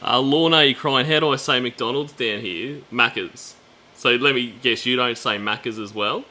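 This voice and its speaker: A man's voice: medium pitch, moderate pace, sharp tone. An Australian man hosting a stream, chatting casually, joking, laughing and swearing offhandedly. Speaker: streamer host.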